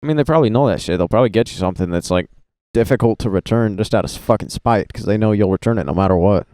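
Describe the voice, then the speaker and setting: A man with a low, mellow voice delivers sarcastic reaction commentary, slipping into a mock-motivational lecturing tone. His voice sounds close and dry. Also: fast, clean tone, no room sound. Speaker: video commentator.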